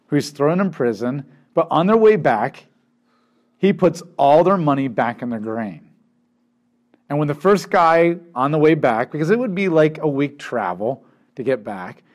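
A man teaching through a Bible passage, retelling it with animated quoted voices and asides to his listeners. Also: medium pitch. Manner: animated storytelling, acting out quotes.

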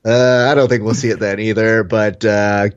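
A man co-hosting a casual podcast, reading listener comments with a wry, animated delivery. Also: fairly low pitch, moderate pace, no room sound, dull audio. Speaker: podcast co-host.

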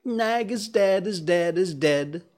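A man voicing a small, silly male tailorbird who talks in an excited, sing-song, praising way. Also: mid-range voice, measured pace.

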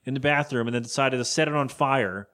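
With a mid-range voice and a sharp tone, a man co-hosts a relaxed podcast. He meanders through recapping the episode, quickly acting out the characters' lines in different voices.

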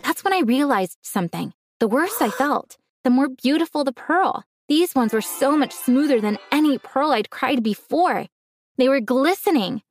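A woman narrating a first-person story in a calm, earnest way. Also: high-pitched, normal speed, faint music behind.

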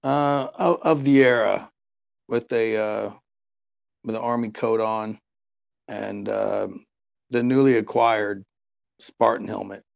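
A man's voice: fairly low pitch, fairly even intonation, takes it slowly, vocal fry, long pauses, lo-fi sound. A man playing in a tabletop role-playing game, answering casually and joking in character. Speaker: player.

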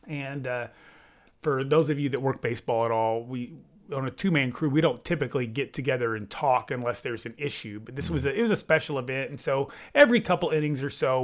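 A man telling a story as a baseball umpire in casual talk, loud and laughing at the punchlines. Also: medium pitch.

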